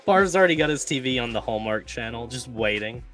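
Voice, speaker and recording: A laid-back man hosts a casual race-reaction podcast, talking in an easy, profane way and laughing often. His pitch sits in an ordinary middle range, with faint music underneath. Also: expressive, brisk, a bit bright. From East Tennessee. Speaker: podcast host.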